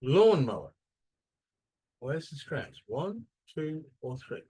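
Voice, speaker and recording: In an unhurried, fairly high voice, a man runs a classroom English lesson. He keeps students engaged with lively quizzing and exaggerates syllable stress when modeling words.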